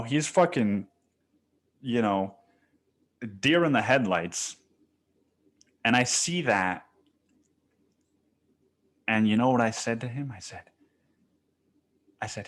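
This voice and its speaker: A young man hosting a podcast, telling a story in a casual, profane style and calling the listener "dude". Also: medium pitch. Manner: profane, animated, slangy, says "dude" often. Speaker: podcast host.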